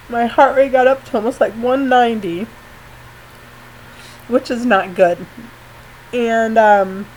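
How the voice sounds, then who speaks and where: A woman telling an emotional personal story after surgery, halting and apologetic, often near tears. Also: fairly high pitch, a little hiss or hum, low-quality recording. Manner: tearful, apologetic, halting with fillers. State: post-surgery, pained when coughing. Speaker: vlogger.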